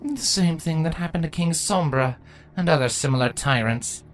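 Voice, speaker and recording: A woman voicing a proud, sardonic female changeling queen who speaks in a deadpan, matter-of-fact way, in a fan fiction reading. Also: low voice, normal speed, faint music behind, voice pushed up.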